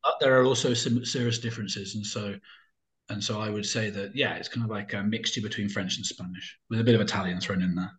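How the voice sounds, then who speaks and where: A man's voice: lowish voice, steady tone, fast talker. A man chatting casually as an interview guest, talking in loose, rambling sentences full of fillers and restarts.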